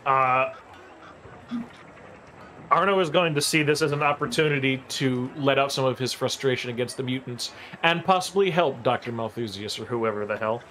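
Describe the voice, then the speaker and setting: A man's voice: mid-range voice, moderate pace, a bit bright, a little hiss or hum. A man playing a tabletop game, wryly describing what his character does. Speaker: player. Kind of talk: casual tabletop game play.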